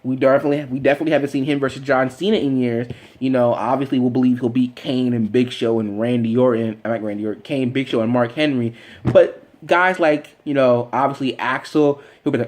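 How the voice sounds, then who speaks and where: A man vlogger rambling excitedly in casual fan commentary, with lots of fillers and restarts. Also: mid-range voice, brisk.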